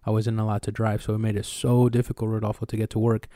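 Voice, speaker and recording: A young man co-hosting a podcast, telling a long personal story in casual, profane, animated chat. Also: on the low side, quick pace, dry recording, studio quality. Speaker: podcast co-host.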